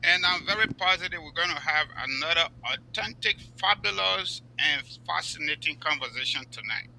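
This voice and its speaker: A man's voice: fairly high pitch, animated, moderate pace, vocal fry, pushed and bright, rough recording. A man speaking as a talk show guest, upbeat and wordy, fond of grand adjectives. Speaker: panel guest.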